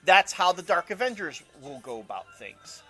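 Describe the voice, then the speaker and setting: High-pitched man, bright voice, opinionated co-host, rambling chat, faint music behind. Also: sing-song, normal speed, husky. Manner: opinionated, rambling with many fillers. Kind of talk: casual podcast chat.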